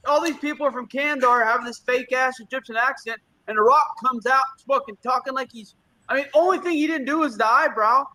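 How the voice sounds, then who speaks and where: Guy with a high bright voice, swearing a lot, blunt opinions on a podcast. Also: fairly quick, low-quality recording. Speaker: podcast co-host. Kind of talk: casual pop-culture chat.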